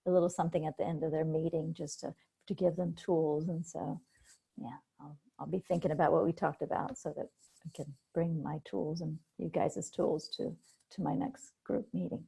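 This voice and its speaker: A woman's voice: low voice, fairly even intonation, moderate pace, gravelly, warm tone, slightly rough. A woman hypnotherapist hosting a group meeting on a video call, explaining techniques in a casual way. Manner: explains techniques, acts out panicky voices.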